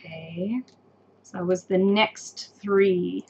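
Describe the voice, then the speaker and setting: A woman's voice: fairly low pitch, fairly even intonation, gravelly, darkish tone, lo-fi sound, a little hiss or hum. Patient woman teaching a test-prep lesson. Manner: patient, encouraging, repeats answers slowly. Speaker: English teacher.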